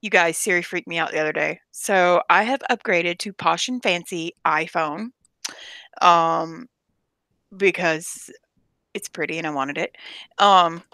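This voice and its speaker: A woman co-hosting a casual chat, telling animated, playful stories. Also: lowish voice, no room sound. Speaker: co-host.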